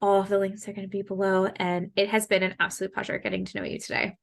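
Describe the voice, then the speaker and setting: A Canadian-accented woman hosts a relaxed podcast conversation. She talks in a lively, animated way and drops casual swear words as she tells stories. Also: medium pitch, quick pace, vocal fry. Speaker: podcast host.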